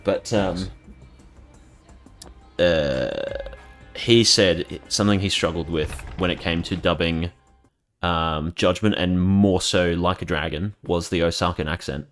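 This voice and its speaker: A man's voice: sits low, slow pace, faint music behind. A man giving casual gameplay commentary as a streamer, chatting in a rambling, casually profane way.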